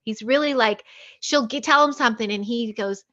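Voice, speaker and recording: A woman who is a guest on a podcast, chatting casually, laughing easily and turning lively when she quotes others. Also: fairly high pitch, normal speed, dull audio. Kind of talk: casual conversation.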